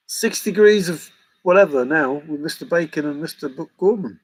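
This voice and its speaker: Middle-aged guy with a slightly high, raspy voice, goofing around with his stream chat and laughing a lot. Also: normal speed, poor audio. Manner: joking, laughs often, banters with viewers. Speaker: livestream host answering chat. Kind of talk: casual chat.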